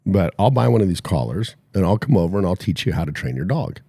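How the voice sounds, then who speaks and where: A man's voice: low-pitched, sing-song, fast, mellow, breathy edge, dry recording. A man hosting a podcast, telling a long story in a boastful, mocking way and laughing at his own jokes. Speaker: podcast host. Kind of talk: casual storytelling chat.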